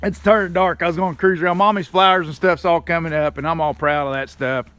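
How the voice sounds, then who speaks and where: A man's voice: on the high side, steady tone, fast, a bit bright, clear, resonant tone. A man chatting casually on a live stream, folksy and greeting viewers by name, talking into a handheld phone while walking around his yard. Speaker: livestreaming channel host. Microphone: phone held in hand.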